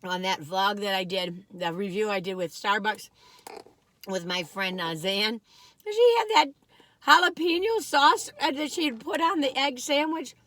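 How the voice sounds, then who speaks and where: A woman's voice: medium pitch, animated, a little slow, a bit bright, no room sound. A chatty woman vlogging a food taste test, rambling as she eats and laughing often. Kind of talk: casual chat.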